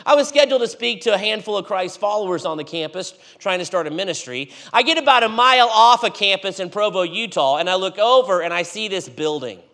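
A man preaching in a church, telling a story with animated swings between loud and hushed delivery. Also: sits high. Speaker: guest preacher. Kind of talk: storytelling sermon.

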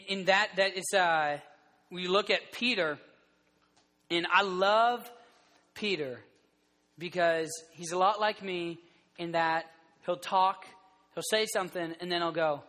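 Guy in his 30s preaching, high bright voice, stumbles and restarts a lot. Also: big-room sound. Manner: animated storytelling, rambling restarts. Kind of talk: sermon to a group.

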